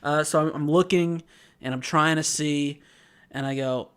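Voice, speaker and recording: A man co-hosting a podcast, chatting casually and telling a story with lively acted-out voices. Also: on the high side, a little slow, smooth. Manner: animated storyteller, acts out quoted voices. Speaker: podcast co-host.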